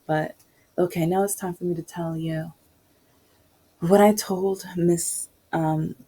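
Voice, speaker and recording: A woman with a low, husky, mellow voice tells a personal story casually, as a podcaster. She talks candidly and wanders into asides as she goes. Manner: candid, rambling, with many asides.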